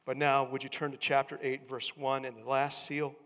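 A man preaching a sermon, swinging from hushed tones to loud emphatic calls. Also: mid-range voice, little pitch movement, normal speed, big-room sound.

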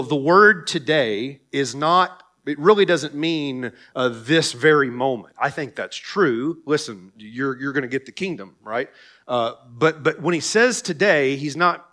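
A man preaching a sermon as pastor, animated and sarcastic at times, talking straight to the congregation and swinging from quiet low lines to loud emphatic ones. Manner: sarcastic asides, talks directly to congregation.

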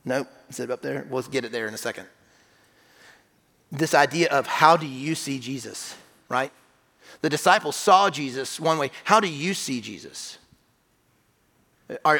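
A man preaching in a church sanctuary, his fairly high voice ringing with long reverb. He talks earnestly, repeating himself and checking in with "right?", rising to loud emphatic bursts, then dropping to quiet, low phrases. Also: moderate pace. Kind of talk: sermon.

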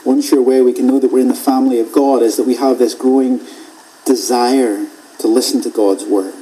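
Man preaching with a mellow voice. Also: medium pitch, steady tone, low-quality recording. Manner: measured, repeats phrases for emphasis, drops to a hush at key points. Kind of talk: expository sermon.

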